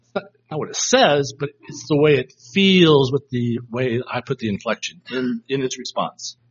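A man's voice: medium pitch, moderate pace, husky. A man teaching a Bible study class, reflective and reading verses aloud to try out different inflections, in a dull lo-fi recording. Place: room with a live class.

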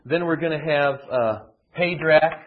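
A man's voice: on the high side, unhurried, slight background noise. A man teaching a conversational Bible lesson, digressive and emphatic, often restarting his sentences. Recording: dull lo-fi classroom recording.

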